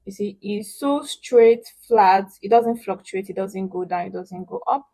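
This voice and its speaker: A woman with a mid-range voice teaches spoken Chinese online, using English for her explanations. The audio quality is low, and she patiently models sounds with emphasis, saying syllables slowly and loudly.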